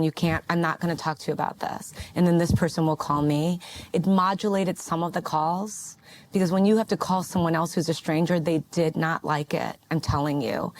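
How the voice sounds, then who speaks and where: A woman's voice: low-pitched, a little mellow. A woman giving a candid talk on money and family, stressing her points emphatically and repeating them. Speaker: guest speaker.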